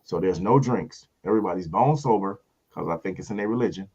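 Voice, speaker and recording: A man, a comedian hosting a casual show and telling a story, acting out other people in high voices. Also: quick pace, slightly rough, muffled recording. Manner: animated storyteller, acts out voices in high pitch.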